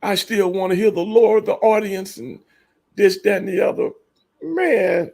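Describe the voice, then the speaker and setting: A man's voice: high-pitched, measured pace, gravelly, darkish tone. A man who used to wrestle, hosting a casual livestream, talking bluntly and profanely to his viewers and laughing often. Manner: talks to chat viewers by name. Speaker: livestream host and former wrestler.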